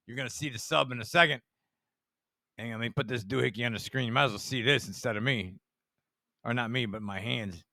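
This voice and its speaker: Gravelly, bright-voiced rambling male commentator. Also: medium pitch, fairly quick, pauses often, no room sound. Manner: rambling, profane, conspiratorial, asides and chuckles. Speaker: online commentator.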